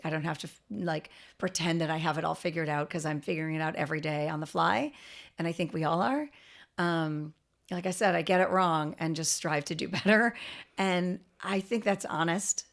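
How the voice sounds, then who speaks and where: A middle-aged woman talks as a podcast guest, earnest and explanatory, restarting her sentences as she goes. Her voice sits a little low with a gravelly edge. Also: normal speed. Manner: earnest, explanatory, with frequent restarts and light laughs. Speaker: guest, autism expert. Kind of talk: podcast interview.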